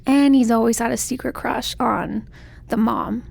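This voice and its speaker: A woman's voice: fairly high pitch, steady tone, measured pace, creaky, a little mellow, no room sound. A young woman casually recapping a novel's plot, chatty and full of "like", acting out the characters' lines. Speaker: book vlogger.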